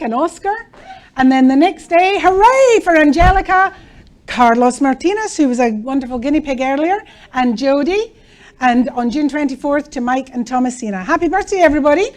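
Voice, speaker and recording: Scottish woman co-hosting a team meeting, high and joking. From Scotland. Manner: playful, joking. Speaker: co-host of an office team meeting. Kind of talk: casual office meeting chat.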